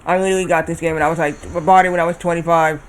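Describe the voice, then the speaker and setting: High-voiced man rambling on stream. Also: level tone, very fast, soft background music. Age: 30s. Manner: rambling, often corrects himself. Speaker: livestreamer. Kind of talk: casual chat while playing a game.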